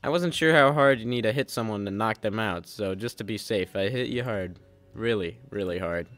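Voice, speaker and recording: A man's voice: on the low side, moderate pace, fairly bright tone, soft background music, close to an everyday voice. A man playing a laid-back traitor buddy. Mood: offhand. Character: laid-back male friend turned traitor.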